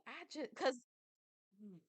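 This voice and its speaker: A woman's voice: high-pitched, expressive, takes it slowly, husky, no room sound. A woman recapping a reality show in a casual, candid and chatty way, swearing now and then.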